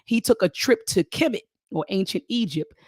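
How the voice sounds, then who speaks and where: A lively middle-aged woman hosts a live-stream talk, calling her viewers family and repeating her points for emphasis. Her voice sits at an ordinary pitch for a woman and comes across dry and close, with no room sound around it. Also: moderate pace, breathy edge, no echo. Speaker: host.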